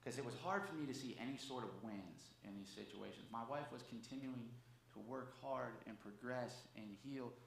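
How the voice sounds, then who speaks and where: A man's voice: mid-range voice, normal speed, vocal fry, a bit bright, slight background noise. Guy preaching a sunday message like he's just talking to you, keeps saying okay? right?, echoey sanctuary. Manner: conversational, tags lines with "okay?" and "right?". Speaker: church speaker. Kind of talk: sermon, personal testimony. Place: church sanctuary. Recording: echoey church room, faint background ambience.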